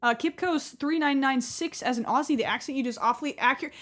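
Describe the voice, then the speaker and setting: A young woman chatting casually to her live-stream viewers while she plays, talking excitedly and sometimes getting loud when surprised. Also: sits high, quick pace, faint music behind. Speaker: gaming streamer.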